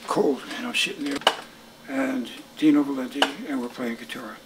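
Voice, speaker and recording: A man's voice: medium pitch, normal speed, heavy background noise. Older man telling stories. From Brooklyn, New York. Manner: lively anecdotal storyteller, acts out dialogue. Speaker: interviewee musician. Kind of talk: storytelling interview. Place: indoors in Brooklyn.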